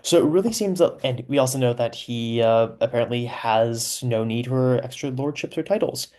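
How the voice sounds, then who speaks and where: A man's voice: mid-range voice, moderate pace, a little mellow. Amused man chatting through commentary. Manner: chatty and amused, laughs often, aside-heavy explaining. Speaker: author giving commentary on his own serialized story. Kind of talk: casual commentary.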